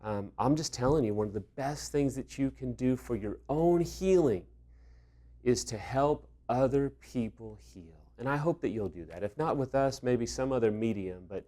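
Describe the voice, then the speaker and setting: A man's voice: mid-range voice, normal speed, mellow. A middle-aged man speaking as a recovery coach, giving earnest, conversational advice and acting out bits of dialogue. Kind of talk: direct-to-camera advice talk.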